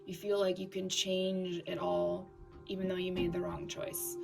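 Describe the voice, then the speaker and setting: A woman giving a tarot reading in a scratchy voice, talking haltingly with fillers and restarts. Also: fairly low pitch, monotone, gravelly. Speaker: tarot reader. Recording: distant mic with background music.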